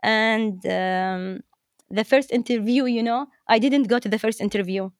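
Chatty woman, higher voice. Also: unhurried, dry recording, clean studio sound. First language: Arabic. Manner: chatty, repeats words, laughs often. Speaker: teacher, interview guest. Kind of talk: storytelling anecdote.

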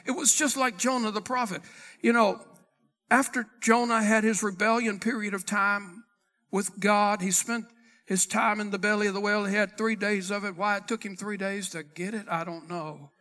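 A man's voice: high voice, steady tone, moderate pace, bright, forceful tone, big-room sound. A man preaching a sermon as pastor, acting out Bible conversations and reading scripture in old-fashioned wording. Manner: dramatic preaching, acting out dialogue with God.

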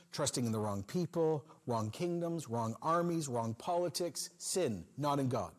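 A man with a husky, slightly breathy voice preaches a sermon. He delivers it expressively and acts out quoted voices with sudden rises and drops in pitch and volume. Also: darkish tone. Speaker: pastor.

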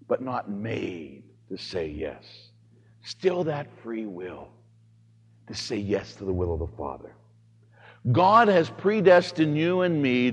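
A priest delivers a homily in a slightly high voice that carries a long reverb around the hall. He talks like a storyteller, dropping to a near hush, then raising his voice to a shout. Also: slightly rough. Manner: animated storytelling, swings from hushed to shouting.

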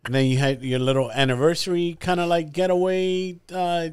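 A man's voice: fairly high pitch, steady tone, moderate pace, clear, resonant tone. A man co-hosting a podcast, teasing his friends in a joking casual chat. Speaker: podcast co-host.

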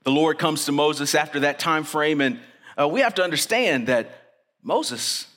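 A man preaching a chapel sermon, earnest and emphatic, slowing down to stress key lines. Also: a little high, a bit bright. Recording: long reverb of a chapel hall.

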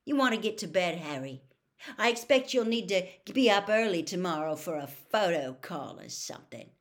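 A bitter, needling teenage boy wizard , as a woman reader puts him on, sniping with sarcasm. The voice sits slightly higher than her own low reading tone and pushes a little louder. It stays close to an everyday storybook-reading voice. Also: animated, moderate pace. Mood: cold.

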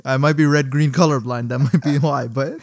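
A man co-hosting a casual podcast, reading out listener questions and teasing his co-host with frequent laughter. His voice sits at an ordinary middle pitch. The sound is close and dry, with no room around it. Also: steady tone, brisk, darkish tone, dry recording. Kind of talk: casual chat.

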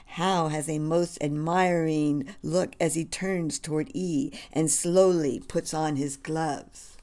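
A woman narrating a historical screenplay-style story with a measured, descriptive reading. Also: low-pitched, fairly even intonation, mellow.

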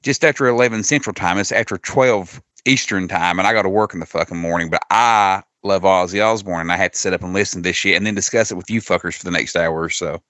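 A man's voice: deep voice, fast, hardly any pauses, a bit bright, no room sound, lo-fi sound. A man hosting a podcast in casual, brash chat, swearing freely. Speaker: podcast host.

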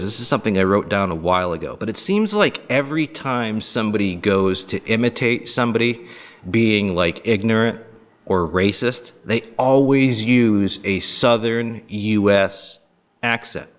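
A man's voice: on the low side, animated, normal speed. A man casually telling a story alone on a podcast, rambling and swearing with lots of fillers. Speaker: podcast host.

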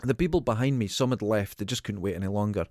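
A man's voice: on the low side, fast, no echo, clean studio sound. A man with a Dundee accent, a podcast co-host telling stories in casual chat, swearing freely. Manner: sweary, animated storyteller.

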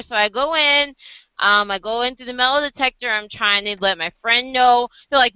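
American woman, vlog storytelling, animated, does voices, smooth bright tone, dry muffled audio. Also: a little high, a little fast, dry recording. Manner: animated, acts out other people's lines; laughs often while telling the story. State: sleep deprived. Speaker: vlogger. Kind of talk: casual storytelling.

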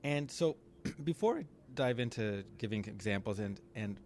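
A man co-hosting a casual podcast, thoughtfully explaining ideas step by step with small pauses and fillers. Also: lowish voice, lively intonation, darkish tone, a little hiss or hum. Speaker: podcast co-host.

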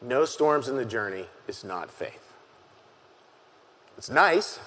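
A man preaching a sermon as pastor, earnest and halting, often repeating his key phrases for emphasis. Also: mid-range voice, very animated, a bit bright. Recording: long hall reverb.

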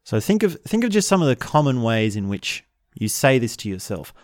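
A man teaching in a slow, reflective way, often repeating short example phrases. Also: medium pitch, big pitch swings, no room sound, studio quality. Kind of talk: spoken teaching talk.

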